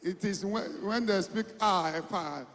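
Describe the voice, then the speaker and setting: A man's voice: sits high, a little slow, a bit bright. A Nigerian man preaching as an evangelist, coaxing his congregation and repeating phrases as he calls people to stand. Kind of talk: sermon with congregation call-and-response. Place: large church hall. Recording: long reverb of a church hall.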